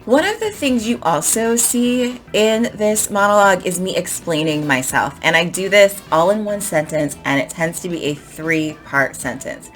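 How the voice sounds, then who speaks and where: A woman's voice: lowish voice, animated, normal speed, hardly any pauses, faint music behind. A woman teaching English, explaining and emphatically modelling phrases to show intonation. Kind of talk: explaining to camera in a lesson.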